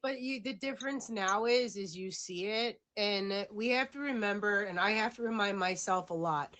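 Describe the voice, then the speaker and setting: A middle-aged woman in casual chat, telling animated stories and acting out exchanges. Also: mid-range voice, normal speed. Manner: animated storyteller, acts out exchanges.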